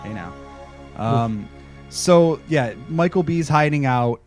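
A man hosting a casual chat recapping a TV episode, joking and slipping into quick character impressions. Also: on the high side, animated, darkish tone, soft background music.

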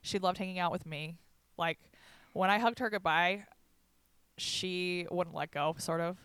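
A woman's voice: on the low side, steady tone, measured pace, a bit bright, clean tone, dry recording. A woman telling stories in a casual chat, laughing often and acting out what others said.

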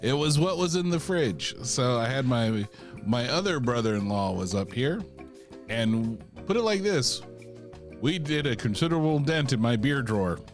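Easygoing male podcast co-host, lively pitch. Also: moderate pace, soft background music. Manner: relaxed, joking, easygoing. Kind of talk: casual podcast chat.

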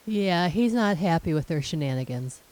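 Explaining woman with a lowish voice. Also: animated, normal speed, a little mellow, poor audio. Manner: explanatory, acts out characters' lines while retelling. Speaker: podcast co-host. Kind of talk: casual recap chat.

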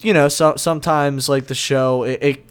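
Young guy rambling about music, smooth clear voice, lots of ums and restarts. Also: medium pitch, fairly even intonation, normal speed. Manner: hesitant, many fillers and restarts. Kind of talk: casual chat over a call.

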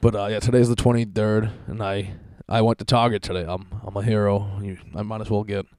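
A man in his thirties talks through a solo podcast episode from his basement, swearing freely and mocking himself as he rambles. His voice sits on the low side, and the close mic sounds dry with hardly any room sound. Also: flat delivery, a little fast, darkish tone, no room sound. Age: 30s. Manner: profane, self-mocking rambling storytelling. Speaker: podcast host. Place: basement at home.

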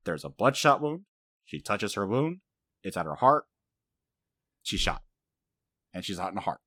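Low-voiced man recapping a story. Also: normal speed, dry recording, clean studio sound. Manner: animated storytelling, frequent fillers. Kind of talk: casual anime recap chat.

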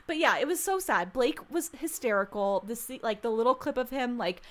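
A woman co-hosting a casual chat, animated and profane, often laughing. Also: fairly high pitch, normal speed.

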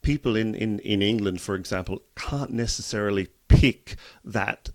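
Low-voiced man interviewing. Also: normal speed. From Ireland. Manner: thoughtful, repeats words while forming questions. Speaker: interviewer host. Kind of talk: interview questions.

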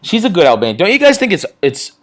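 A man's voice: sits high, huge pitch swings, quick pace. Laughing, defensive man with a raised voice. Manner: defensive, laughing, impulsive storyteller. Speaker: podcast guest. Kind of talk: casual banter.

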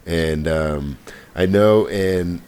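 A man's voice: low-pitched, extremely slow, a little mellow, smooth. A man co-hosting a podcast, chatting casually about gaming news and often trailing off mid-thought. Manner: conversational, trails off and restarts. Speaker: podcast co-host.

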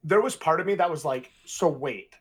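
A man's voice: fairly high pitch, animated, quick pace, breathy edge. A man co-hosting a casual book discussion, laid-back and thinking aloud as a first-time reader. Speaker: podcast co-host.

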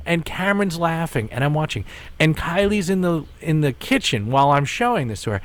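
A man's voice: fairly high pitch, a little fast. Rambling male podcast host. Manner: rambling, animated storyteller. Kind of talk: casual storytelling.

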